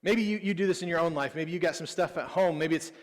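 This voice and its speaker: A man in his thirties with a slightly higher than average voice, telling personal stories from the pulpit in an easy, self-deprecating way. His voice rings out with a long reverb tail from a large church sanctuary. It sounds like a relaxed sermon rather than a formal address. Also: fast. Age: 30s. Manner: casual, personal storytelling with self-deprecating humor. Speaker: pastor. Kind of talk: conversational sermon.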